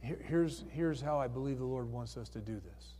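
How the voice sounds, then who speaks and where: Speaking at a normal speed in a dark, medium-pitched voice, a male pastor runs an altar call. He coaxes the congregation with repeated questions and keeps asking for hands. The recording carries the reverb of the church hall where he stands.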